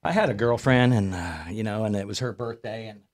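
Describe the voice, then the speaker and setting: A man, a stand-up comedian, telling stories and jokes in casual chat, animated and jumping into high voices to quote people. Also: brisk. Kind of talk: casual storytelling with joke routine.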